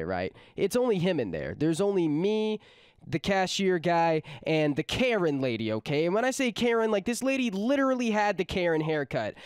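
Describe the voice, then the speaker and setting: A man's voice: on the high side, clear, resonant tone, dry recording, clean studio sound. A man vlogger telling a casual storytime in a chatty way with lots of fillers. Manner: chatty, many fillers and asides.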